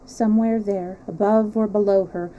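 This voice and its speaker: A woman reading a classic novel aloud, expressive and measured, with small slips. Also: medium pitch, highs cut off, slight background noise. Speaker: storyteller.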